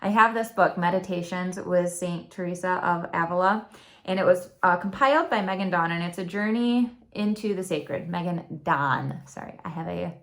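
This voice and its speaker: A woman's voice: fairly low pitch, moderate pace, fairly bright tone. A young adult woman with a Michigan accent, talking on her channel about her faith in an earnest, chatty way. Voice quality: talkative, earnest. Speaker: YouTube channel host. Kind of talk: personal reflective monologue.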